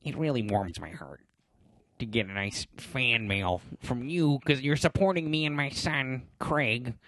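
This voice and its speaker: A man's voice: medium pitch, measured pace, fairly bright tone, close to an everyday voice. A man doing a folksy grumbling dad. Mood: mock-heartfelt. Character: proud middle-aged father, grumpy about one son. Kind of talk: comic improvised character bit.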